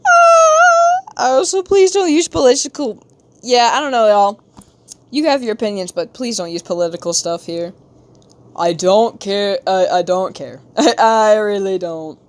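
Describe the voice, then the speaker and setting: A young woman livestreaming while she draws, chatting casually, reading chat aloud and giggling, with sudden high squeals. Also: normal speed, a little mellow, clean tone.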